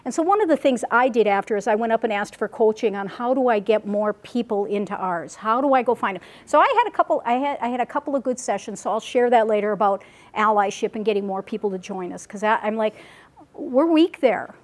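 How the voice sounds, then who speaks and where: A woman giving a casual, chatty report at a group meeting, animated and full of asides and restarts. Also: medium pitch, fast. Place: meeting room.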